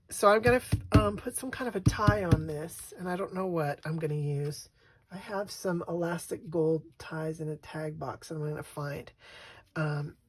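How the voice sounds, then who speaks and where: A woman's voice: fairly low pitch, slight background noise. A woman hosting a casual crafting vlog, chatting in a rambling way as she works at her craft table at home. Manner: chatty, rambling storyteller who laughs often. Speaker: craft channel host.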